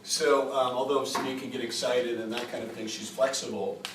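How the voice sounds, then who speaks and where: A man's voice: medium pitch, normal speed. A man giving an informal lecture to a retreat group, telling stories and checking in with "right?". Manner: animated, chatty, rhetorical "right?". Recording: echoey room, distant mic, faint hiss.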